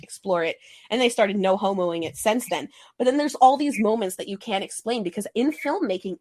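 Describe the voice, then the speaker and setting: A woman hosting a podcast, talking fast and emphatically in casual fan chat. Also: mid-range voice, no echo. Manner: excitable, rapid, emphatic. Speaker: podcast host.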